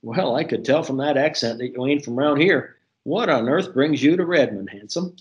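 A man's voice: medium pitch, normal speed, highs cut off, close to an everyday voice. A man voicing a sassy, flirtatious waitress in her sixties with a drawl. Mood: teasing, brassy. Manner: sassy, teasing, drawling endearments.

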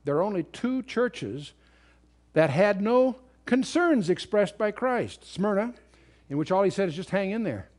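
Male Bible teacher, slightly high voice, emphatic lecture delivery. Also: lively intonation, measured pace, darkish tone. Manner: explanatory, emphatic on key words, some restarts. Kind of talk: lecture-style Bible study.

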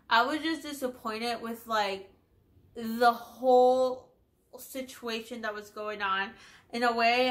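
A woman's voice: fairly high pitch, sharp tone. A woman in her twenties telling a personal story in a casual vlog, candid and profane, with lots of "like". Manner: candid, profane, heavy use of "like". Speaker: vlogger.

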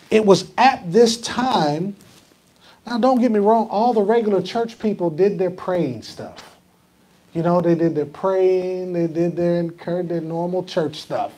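A man's voice: sits high, a little mellow. A man pastor preaching a conversational sermon in a church, often asking the congregation questions. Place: church sanctuary.

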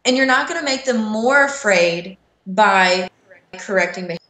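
A woman dog trainer talks candidly, in a relaxed conversational way. Her voice sits in a middle pitch range. The recording has an echoey, roomy sound. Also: unhurried. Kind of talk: casual conversation.

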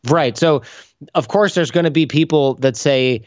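A man being interviewed on a podcast, an animated storyteller who acts out the voices in his anecdotes. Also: a little high, moderate pace, dry recording, highs cut off. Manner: animated storyteller acting out dialogue. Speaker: podcast guest. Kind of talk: conversational interview.

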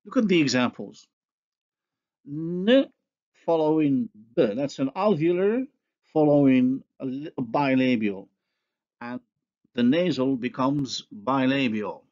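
A male university lecturer talks through phonology examples at a slow, measured pace, stopping to sound out each word. His voice sits at a middle pitch and comes through a slightly dull, lo-fi recording. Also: animated, a little mellow. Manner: slow, deliberate, pausing to model example words.

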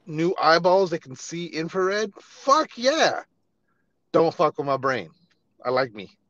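A man hosting a casual podcast chat, laid-back and quick to laugh and swear. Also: fairly high pitch, a bit bright, dry recording, muffled recording. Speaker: podcast host.

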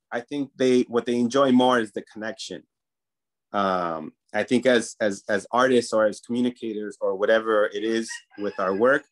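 A man, a musician guest, talking casually and hesitantly with lots of fillers. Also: mid-range voice. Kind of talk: casual interview talk.

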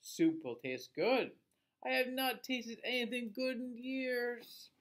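A man's voice: very high-pitched, slow pace, fairly bright tone, voice pushed up, exaggerated voice. A man voicing a clacking, lonely but friendly skeleton, in a playful, theatrical storybook voice. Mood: worried.

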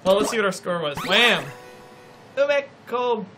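A man streaming a video game in casual chat, excitable and swearing, yelping at what happens on screen. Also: high voice, normal speed. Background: game music.

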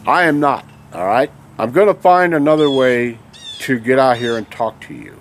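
A man's voice: mid-range voice, lively intonation, moderate pace, slight background noise. A man in an angry, heated monologue, speaking emphatically and repeatedly checking in with his listeners. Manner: heated and emphatic, keeps asking "okay?". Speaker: vlogger. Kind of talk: angry ranting monologue to camera.

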